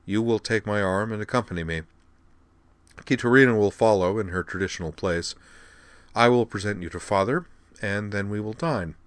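A poised teenage princess, controlled and formal, her words flat and measured, as a male narrator reads her. The voice sits low and quiet, close and dry. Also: no echo, close to an everyday voice. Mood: composed formal.

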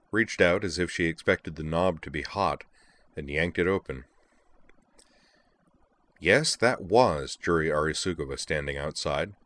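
A man reading a story aloud as narrator, in a steady, even delivery. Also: low-pitched, no room sound.

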